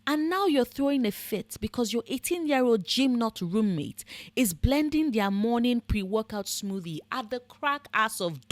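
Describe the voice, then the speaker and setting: A woman's voice: on the high side, dry recording. A woman giving scripted commentary in a blunt, sarcastic, profane manner. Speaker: book and fandom commentator.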